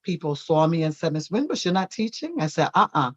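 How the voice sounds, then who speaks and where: Animated woman telling her testimony. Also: low-pitched, brisk, highs cut off. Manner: animated storytelling, acting out quoted voices. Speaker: guest sharing testimony, daycare owner. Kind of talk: personal testimony in a church interview.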